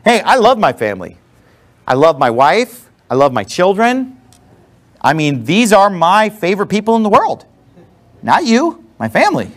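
A man's voice: high-pitched, wildly swooping pitch, moderate pace. A man preaching a sermon as a pastor in a church, blunt and emphatic, with sarcastic asides. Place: church with a responding congregation.

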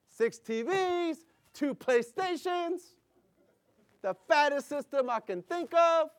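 A middle-aged man preaching a sermon, telling stories with animated delivery, laughing and acting out voices. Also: very high-pitched. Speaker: pastor.

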